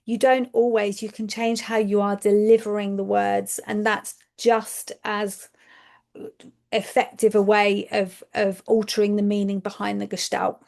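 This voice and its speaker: A woman's voice: mid-range voice, little pitch movement, measured pace, vocal fry, a little mellow. A woman, a speech and language therapist giving a webinar presentation to educators, explaining step by step, checking in with her listeners and repeating words for emphasis.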